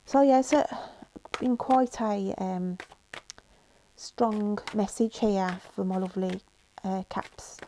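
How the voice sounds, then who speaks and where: A woman's voice: medium pitch, fairly even intonation, slow, warm tone, a little hiss or hum. A woman giving a tarot reading, talking to viewers in an emotional, reassuring way with many fillers and frequent "okay?" checks. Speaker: tarot reader.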